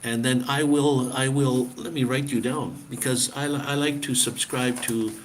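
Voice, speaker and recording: A man talking casually to his live-stream viewers, often laughing and tripping over his words. His voice sits at an ordinary middle pitch for a man, loose and conversational. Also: steady tone, normal speed, a little hiss or hum. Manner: chatty, laughs often, lots of fillers and restarts. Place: living abroad in the Philippines.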